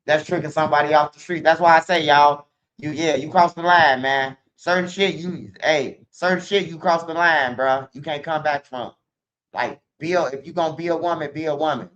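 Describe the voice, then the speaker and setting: A man rants at length in profane street slang, circling back and repeating himself. His voice sits a bit high for a man. The sound is dull and lo-fi, like a stream capture. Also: a bit bright. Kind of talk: casual rant.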